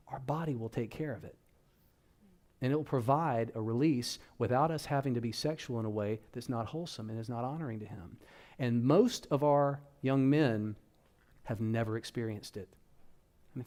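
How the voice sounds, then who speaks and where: In a church hall, a man with a warm, mellow, mid-pitched voice addresses a workshop of parents. He speaks casually and conversationally, talking straight to the crowd.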